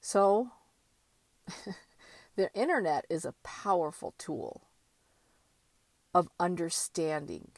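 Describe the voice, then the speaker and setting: Slow-talking blunt woman, low voice. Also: animated, gravelly, dry recording. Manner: blunt and emphatic, with casual swearing. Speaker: motivational vlogger. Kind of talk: candid motivational monologue.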